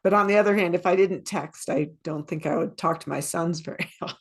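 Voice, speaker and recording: Relaxed middle-aged woman co-host. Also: lowish voice, a little fast, breathy edge. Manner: relaxed, candid, conversational. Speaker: podcast co-host and leadership trainer. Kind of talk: casual podcast conversation.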